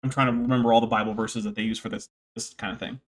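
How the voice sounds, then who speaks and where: A man hosting a casual stream, reacting to a debate clip with sarcastic, animated asides. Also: mid-range voice, racing. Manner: sarcastic, animated mock quoting. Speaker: host.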